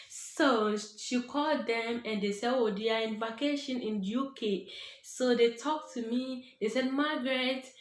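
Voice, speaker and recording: Ghanaian woman telling a story, echoey room. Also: a little high. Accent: Ghanaian English. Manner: animated, acts out other people's voices. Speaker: vlogger. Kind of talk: casual storytelling.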